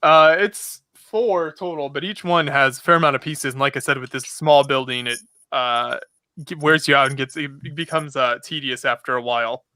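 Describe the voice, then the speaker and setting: A man's voice: medium pitch, steady tone, moderate pace, pushed and bright, no room sound, clean studio sound. A man hosting a casual live stream chat, rambling with lots of fillers and frequent laughter over a remote call mic. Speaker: podcast host.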